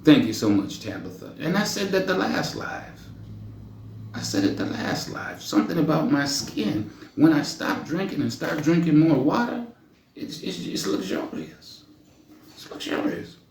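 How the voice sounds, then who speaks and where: A man's voice: on the high side, big pitch swings, moderate pace, vocal fry, darkish tone. A man hosting a casual livestream, teasing his viewers and ranting with jokes and profanity. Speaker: livestream host. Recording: echoey room, faint noise.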